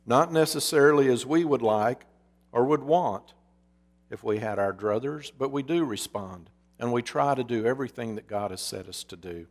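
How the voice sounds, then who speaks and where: A man preaching a sermon and telling a parable in a measured way. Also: mid-range voice. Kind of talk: sermon with storytelling.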